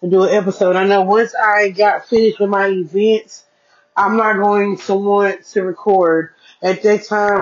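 A woman's voice: medium pitch, dull audio. A woman hosting a casual blog podcast from her bedroom desk, talking loosely to her listeners as y'all and stretching out key words. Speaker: podcast host.

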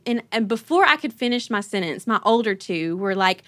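A woman's voice: on the high side, animated, normal speed, few pauses, a bit bright, no room sound, clean studio sound. A woman, hosting a podcast and telling stories, laughing often and acting out her children's voices. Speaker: podcast host. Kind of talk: casual conversational storytelling.

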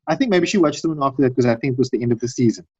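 A middle-aged man chatting casually, rambling through stories and jumping into high-pitched voices when he quotes people. His voice is a little husky and his pitch swings widely. The recording sounds dull and dry. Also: lively intonation, racing, no room sound. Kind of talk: casual chat.

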